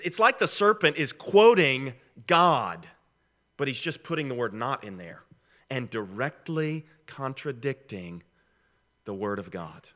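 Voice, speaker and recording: A man's voice: mid-range voice, fairly bright tone. A middle-aged man preaching a conversational, emphatic sermon to a congregation, posing rhetorical questions. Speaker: pastor.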